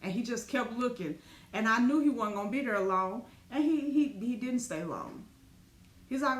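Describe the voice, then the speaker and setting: A middle-aged woman, a spiritual teacher, telling a raw personal story in an animated, profane, dramatic way. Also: fairly high pitch, moderate pace. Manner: animated, profane, dramatic retelling with colloquial speech. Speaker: spiritual teacher and business owner. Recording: echoey room with faint ambient noise.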